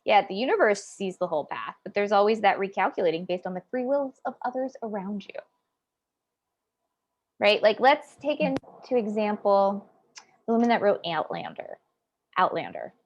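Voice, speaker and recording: Animated woman psychic guest. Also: mid-range voice, normal speed, muffled recording. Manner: animated, swinging from loud emphasis to quiet asides. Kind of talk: casual interview chat.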